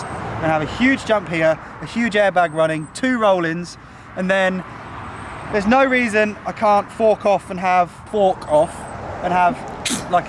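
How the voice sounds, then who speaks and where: A man's voice: high voice, noisy background. Enthusiastic young man outdoors, out of breath. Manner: enthusiastic, chatty. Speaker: vlogger. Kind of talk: casual vlog walkthrough. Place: outdoors at a building site.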